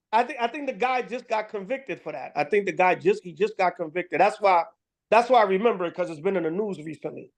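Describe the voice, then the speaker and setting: A man giving casual religious commentary, rambling and profane, with many fillers and restarts. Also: high-pitched. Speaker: online commentator.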